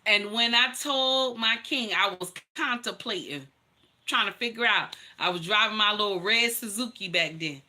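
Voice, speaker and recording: Talking directly to her viewers, a livestream host shares stories from her own life at a moderate pace. Her sharp, very bright voice has a middle pitch for a woman, and she is blunt and emphatic, swearing plenty and repeatedly addressing the listener as "honey."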